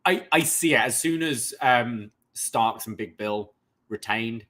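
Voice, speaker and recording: Bright-voiced British man, chatty. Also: medium pitch. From Britain. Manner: animated, breaks into quick impressions. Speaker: podcast co-host. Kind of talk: casual chat.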